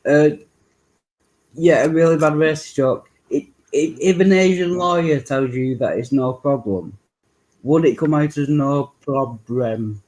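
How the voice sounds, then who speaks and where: Brief: laid-back, slow male joker. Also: on the high side, a little mellow, poor audio. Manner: slow, laughing, crude joking. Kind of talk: casual chat.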